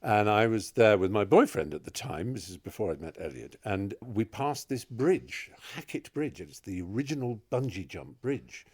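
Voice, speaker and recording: An older man in his sixties, a podcast guest telling lively anecdotes with frequent laughter. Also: lowish voice, normal speed, few pauses, breathy edge. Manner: lively storyteller, laughs often, acts out voices in quotes. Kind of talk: casual anecdotal chat.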